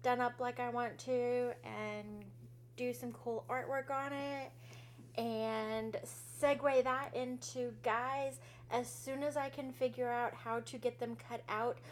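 A woman hosting a podcast in a casual chat, bubbly, giggly and easily excited. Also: a little high, slow pace, slight background noise. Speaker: podcast host.

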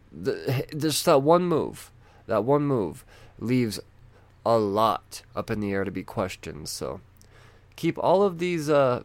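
Male host, gravelly, casual rambling chat with a loose, profane edge, dry close sound. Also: on the low side, no echo. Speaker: comic book vlogger.

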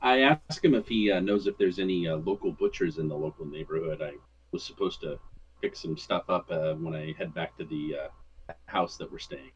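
Man, very low voice, rambling with fillers, tabletop player, muffled lo-fi recording. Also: moderate pace, slight background noise. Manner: rambling, many "you know" fillers. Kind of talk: casual tabletop play. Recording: dull lo-fi mic.

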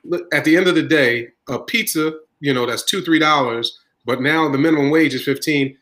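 A man's voice: a little high, normal speed, fairly bright tone, low-quality recording. A man who owns a deli, talking in a casual podcast discussion and repeating his points for emphasis. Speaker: deli owner, podcast host.

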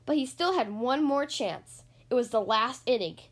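A woman hosting a podcast, reading a children's picture book aloud in an expressive, sing-song storytelling voice. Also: fairly high pitch, normal speed.

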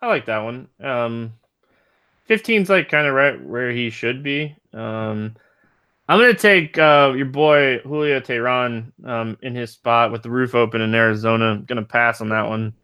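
A man hosting a casual sports podcast, relaxed and playful, with frequent ums. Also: medium pitch, normal speed, clear, resonant tone. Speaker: podcast host.

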